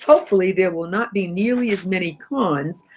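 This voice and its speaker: A woman's voice: on the low side, normal speed, darkish tone, slight background noise. A middle-aged woman with a cold hosts a motivational broadcast, talking animatedly to viewers and often laughing and correcting herself. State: has a cold. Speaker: host of a self-help broadcast.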